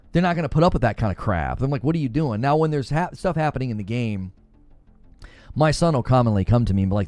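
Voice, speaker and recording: A middle-aged man hosting a gaming podcast, telling a story in casual chat, heated and animated, restarting sentences often. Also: mid-range voice, no echo. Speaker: podcast host.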